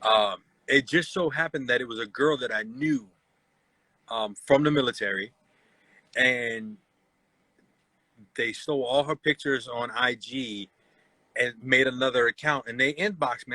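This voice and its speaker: A man's voice: medium pitch, moderate pace, pushed and bright, no room sound, low-quality recording. A man in his forties hosting a casual live chat, telling stories and acting out the voices he quotes. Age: 40s. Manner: storytelling, acts out quoted voices. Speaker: host.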